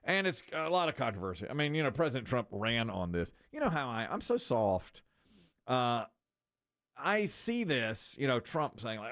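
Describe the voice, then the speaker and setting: A middle-aged man hosts a morning talk show in a loose, casual style. His pitch swings widely as he tells stories and slips into voices for the people in them. His voice sits at an ordinary middle pitch. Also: very animated, moderate pace, fairly bright tone, no echo, clean studio sound. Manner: storytelling, acts out quotes in voices. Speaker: radio morning show host. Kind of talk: casual talk radio banter.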